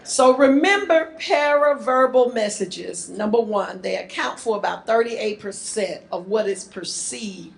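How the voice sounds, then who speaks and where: A woman's voice: medium pitch, a little slow, creaky, few pauses. A woman co-presenting a seminar on communication in marriage, teaching with playful banter and acting out short dialogues in little character voices.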